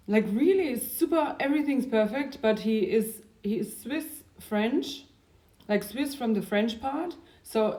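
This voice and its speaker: A young woman with a warm, mellow, rather dark voice, chatting loosely in a personal diary vlog. Her voice sits at a middling pitch for a woman. She rambles from thought to thought, jumping to loud bursts and then sinking to hushed, breathy asides. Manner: chatty and rambling, drifting between loud bursts and near-whispers. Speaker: diary vlogger. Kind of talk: casual rambling diary talk.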